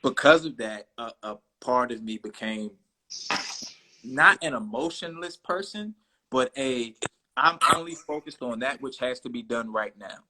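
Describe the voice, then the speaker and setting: Guy in his 30s, bright voice, candid and reflective, laid-back interview chat. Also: medium pitch, expressive, measured pace, poor audio. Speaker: interview guest. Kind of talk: casual conversation.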